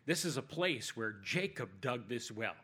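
A man's voice: medium pitch, big pitch swings, normal speed, bright, forceful tone, husky. A man preaching a sermon in a conversational way, with jokey asides.

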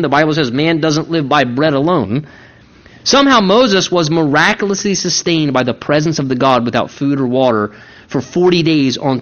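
A man's voice: sits high, a bit bright, lo-fi sound. A man preaching a sermon in a conversational, emphatic way, repeating key words for stress. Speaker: pastor.

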